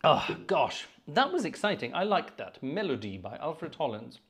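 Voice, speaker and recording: A man with a fairly high voice hosts a live organ stream in casual, chatty talk. He muses aloud and drops quiet asides to himself as he goes. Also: big pitch swings, normal speed, slightly rough.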